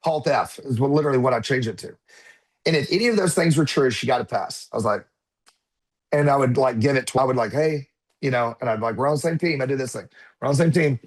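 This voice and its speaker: Animated man telling a family story. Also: mid-range voice, fast. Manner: animated, acts out quotes of his children. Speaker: podcast guest. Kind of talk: conversational storytelling.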